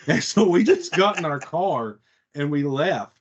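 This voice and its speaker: A man's voice: fairly high pitch, lively intonation, normal speed, dull audio. A man on a casual podcast telling a long story, rambling and profane, with lots of "like" fillers. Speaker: podcast co-host.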